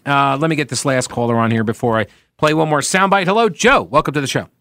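A man's voice: medium pitch, fast talker, dry recording. A man hosting a talk radio show, giving sarcastic, opinionated commentary on a studio mic. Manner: animated, sarcastic, mocking asides.

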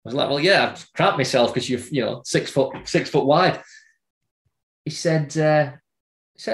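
A man's voice: a little high, lively intonation. Man retelling a story, echoey room. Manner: halting, repeats words, warm reminiscing. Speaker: guest. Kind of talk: casual conversational storytelling.

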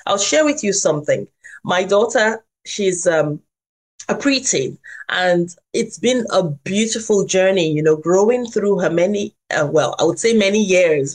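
A woman, a family doctor and parenting coach, reflectively tells a personal story on a podcast, pausing as she goes, in a mid-range voice.

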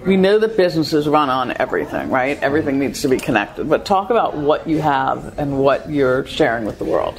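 A woman's voice: extremely low pitch, animated, brisk, hardly any pauses, low-quality recording. A woman co-hosting a talk show in a store, playful and joking. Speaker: radio show co-host. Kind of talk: casual chat. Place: retail store.

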